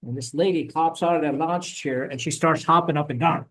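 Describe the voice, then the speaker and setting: Middle-aged ex-marine guy telling a story on a podcast, kinda high voice, animated, cussing, does the voices. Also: brisk, hardly any pauses, rough recording. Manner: animated storyteller, acts out quotes, swears. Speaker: podcast host, former Marine officer. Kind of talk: casual storytelling.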